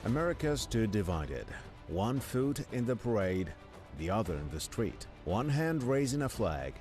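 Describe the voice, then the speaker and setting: A man giving scripted, measured news narration with a dramatic delivery. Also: fairly low pitch, very animated, a little mellow, faint music behind.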